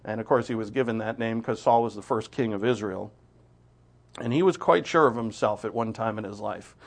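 A man preaching a sermon to his congregation, with joking asides to the listeners and lively emphasis. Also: on the low side, a little fast, creaky. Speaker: pastor. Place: church sanctuary.

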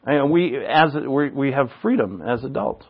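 A man's voice: medium pitch, animated, measured pace, husky. An older man, a pastor, preaching a loose, conversational sermon full of asides and restarts. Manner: casual, rambling, with asides and restarts. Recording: dull lo-fi recording.

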